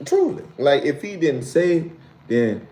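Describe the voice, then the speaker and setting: A man hosts a laid-back live stream, reading out viewer comments in loose, slangy speech with lots of laughter. When he teases, his voice shoots up to a high, disbelieving pitch. He's expressive and warm, keeping a measured pace.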